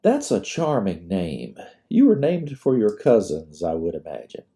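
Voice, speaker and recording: A man's voice: on the low side, huge pitch swings, unhurried, dark tone, heavily acted. A man voicing Mrs. Burrell, a gracious, courtly plantation hostess, in an author-narrated storybook reading. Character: genteel older Southern hostess, gracious.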